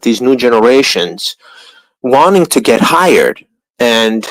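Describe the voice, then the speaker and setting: A man's voice: mid-range voice, expressive, unhurried, no echo, low-quality recording. A man with a New York accent hosting a livestream, rambling in crude, profane casual chat. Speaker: livestream host.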